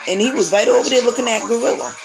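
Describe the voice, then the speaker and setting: A woman's voice: a little high, racing, gravelly, low-quality recording. A woman hosting a livestream, telling gossipy stories at home in a loose, profane, chatty way. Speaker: livestream host. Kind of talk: casual gossipy storytelling. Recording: music playing behind.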